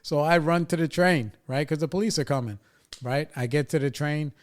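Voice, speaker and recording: A man's voice: fairly high pitch, steady tone, normal speed. A man in his forties from New York State, a podcast host telling a story in a rambling, profane way and tagging his lines with "right?" and "you know". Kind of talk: casual storytelling.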